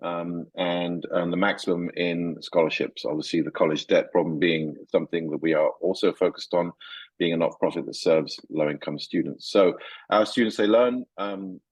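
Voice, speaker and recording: Man guest on a podcast, really low husky voice, dry sound, lots of ums. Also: fairly even intonation, no echo, poor audio. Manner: measured, explanatory, frequent ums and uhs. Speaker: nonprofit chief executive guest. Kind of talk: interview answers.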